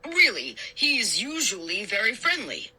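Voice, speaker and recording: A woman's voice: on the high side, sing-song, measured pace, pushed and bright, slightly rough, full character voice. A woman voicing a tired, exasperated suburban father who speaks apologetically in a storybook reading. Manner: apologetic, weary.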